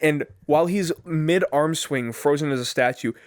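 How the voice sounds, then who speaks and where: A man's voice: on the high side, moderate pace, dry recording. Young man telling a story, dry mic. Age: 20s. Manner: laughing often mid-story, swearing, acting out quoted people. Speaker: podcast co-host. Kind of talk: casual storytelling chat.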